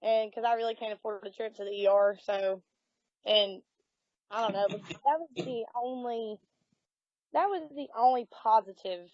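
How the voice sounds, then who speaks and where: A woman with a Southern US accent, a paranormal investigator telling her experiences casually in an interview, animated and acting out quotes. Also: fairly high pitch, moderate pace, no room sound. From Alabama. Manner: animated storyteller, acts out quotes. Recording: dull lo-fi audio.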